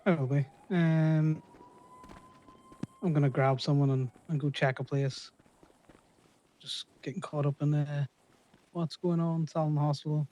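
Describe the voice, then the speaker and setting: A man's voice: a little high, steady tone, measured pace, long pauses, warm tone. A man talking casually in character in a roleplay game, terse and tough-talking. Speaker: roleplay player.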